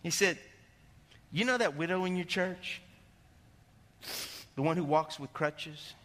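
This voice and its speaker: A male pastor delivering a sermon, animated, rising to shouts and dropping low, recorded in a church sanctuary. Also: takes it slowly. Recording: long hall reverb.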